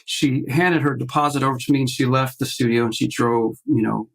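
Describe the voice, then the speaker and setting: Gravelly-voiced man telling a story. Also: mid-range voice, brisk, poor audio. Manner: animated storyteller acting out quotes, many restarts. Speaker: podcast guest, artist. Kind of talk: casual storytelling conversation.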